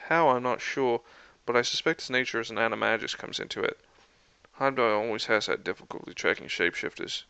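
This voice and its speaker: A man voicing a scheming male trickster god who speaks quietly, idly and measured. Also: mid-range voice, gravelly, clean tone, dry recording, rough recording. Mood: calm.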